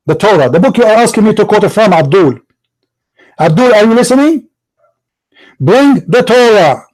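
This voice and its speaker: A man's voice: high voice, darkish tone, low-quality recording. A man hosting a religious debate show, mocking and confrontational, firing rhetorical questions in broken English. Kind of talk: combative religious debate monologue.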